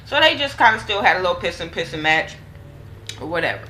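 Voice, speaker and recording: A woman's voice: on the low side, very animated, fast, sharp tone, a little hiss or hum, poor audio. A woman casually recapping a TV drama episode with slang and profanity, acting out the characters' lines in quotes. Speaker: TV show reviewer.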